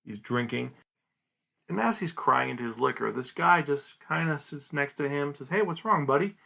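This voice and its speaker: A man hosting a podcast, chatting casually as he retells a manga story in an animated way. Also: medium pitch, normal speed, vocal fry. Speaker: podcast host.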